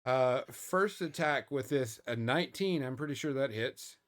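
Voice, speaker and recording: A man's voice: mid-range voice, expressive, normal speed, a bit bright. A man narrating a tabletop game as game master in a loose, casual way, full of fillers and little chuckles.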